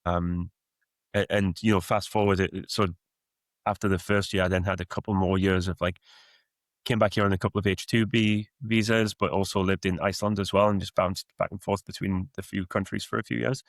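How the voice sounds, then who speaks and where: A man in his thirties with a softened Geordie accent, reflecting on his coaching path in a casual podcast interview, rambling with many fillers. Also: deep voice, flat delivery, a little fast, no room sound. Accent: Geordie, softened by years in the US. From Newcastle, England. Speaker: guest, football coach.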